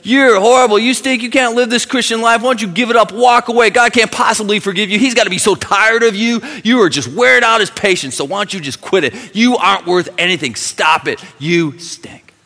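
A man's voice: high-pitched, brisk, few pauses, pushed and bright, in a large hall, pitched above the performer's own voice. Man putting on a sneering accusing devil. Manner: mocking, accusatory.

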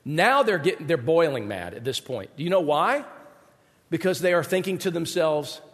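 A man delivers a sermon in a large hall that rings with long reverb. His voice sits high for a man, and he acts out the people in the story with sudden swings in pitch and loudness. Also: lively intonation, normal speed. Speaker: pastor.

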